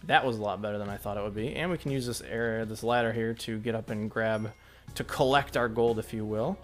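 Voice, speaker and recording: A man giving casual let's play commentary, thinking aloud and getting excited at close calls. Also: lowish voice, brisk, soft background music. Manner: chatty, excitable, thinks aloud about each move. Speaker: gameplay commentator.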